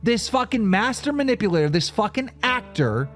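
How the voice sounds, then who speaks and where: Profane, animated man with a lively voice. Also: high voice, normal speed, faint music behind. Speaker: show host recounting a phone call. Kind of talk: heated storytelling on a talk show.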